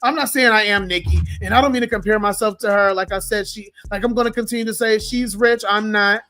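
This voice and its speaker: A man in his twenties with a hoarse, worn-out voice from a sore throat, telling a story in an animated, profane, ranting way. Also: high-pitched, fast. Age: 20s. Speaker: social media host. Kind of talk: casual storytime rant.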